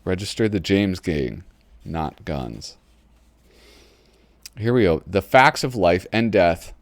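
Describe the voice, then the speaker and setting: A man's voice: low voice, lively intonation, slow pace, dry recording. Giggly man leafing through a magazine. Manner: chatty, giggly, easily sidetracked. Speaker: host. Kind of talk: casual commentary while flipping through a magazine. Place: home computer desk.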